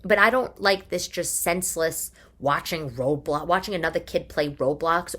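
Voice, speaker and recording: Chatty New York mom, lowish voice. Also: female voice, sing-song, fairly quick, a bit bright. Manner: chatty, opinionated, fires off rhetorical questions. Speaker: podcast host; mother. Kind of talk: casual monologue. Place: living room.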